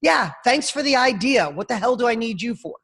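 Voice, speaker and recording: A man's voice: high-pitched, lively intonation, moderate pace. A man voicing a scornful male Hollywood manager who mocks and dismisses. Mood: dismissive. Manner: sneering, contemptuous questions.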